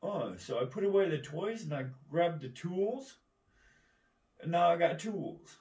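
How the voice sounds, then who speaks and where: Brief: man, rambling profane rant, combative, slightly high voice, distant mic in an echoey room. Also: expressive, unhurried, darkish tone. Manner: heavy swearing, keeps asking "right?".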